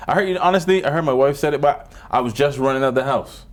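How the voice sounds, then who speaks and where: A male comedian co-hosting a loose comedy podcast. He talks in an animated, playful way with a mid-range pitch, and he often cuts across his partner with quick jokes. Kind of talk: casual comedic chat.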